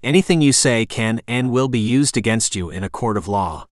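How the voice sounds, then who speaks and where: A stern, protective deputy gives firm, grim orders, as a male narrator voices him. The voice sits at an ordinary male pitch and sounds dry and close, as in an audiobook booth. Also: animated, moderate pace, no echo, natural voice.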